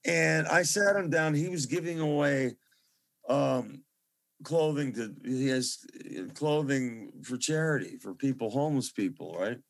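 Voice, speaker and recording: A man's voice: mid-range voice, unhurried, creaky. Effusive middle-aged man on a video call. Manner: effusive, rambling, reverent. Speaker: musician guest. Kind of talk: casual interview chat.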